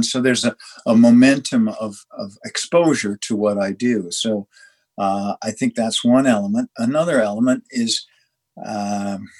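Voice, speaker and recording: A man from Canada, a dry stone waller guest, telling stories in a halting way with many restarts and lively quoted dialogue. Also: on the low side. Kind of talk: conversational storytelling.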